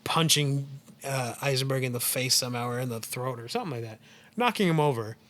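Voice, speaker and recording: A man's voice: medium pitch, quick pace, fairly bright tone. A man co-hosting a podcast, casually retelling a film's plot with lots of "like" and "um". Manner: rambling, heavy use of "like" and "um". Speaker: podcast co-host.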